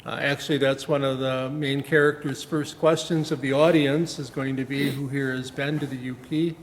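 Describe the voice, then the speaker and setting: A man's voice: medium pitch, level tone, moderate pace. A man from Wisconsin, a play director, chatting in a casual interview, rambling with plenty of fillers and restarts. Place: small-town theater stage. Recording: echoey hall with faint noise.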